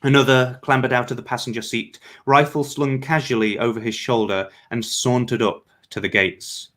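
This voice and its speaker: A man reads his own story aloud at a measured pace. His voice sits mid-range for a man, and his narration is even and steady. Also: medium pitch. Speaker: author. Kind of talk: reading fiction aloud.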